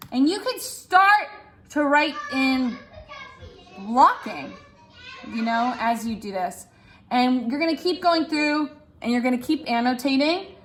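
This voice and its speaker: Woman teacher at home, high voice, slow deliberate pace, explaining script annotation step by step. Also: expressive, a bit bright. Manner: talks through her choices aloud, self-instructing. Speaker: drama teacher. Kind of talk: demonstrating script rehearsal at home.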